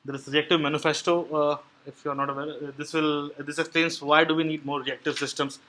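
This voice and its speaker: A man's voice: on the high side, little pitch movement, fairly quick, sharp tone, poor audio. A man presenting a technical meetup talk, explaining step by step with many fillers and restarts. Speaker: meetup speaker on Android programming. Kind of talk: live technical talk with audience questions. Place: meeting room at a tech meetup.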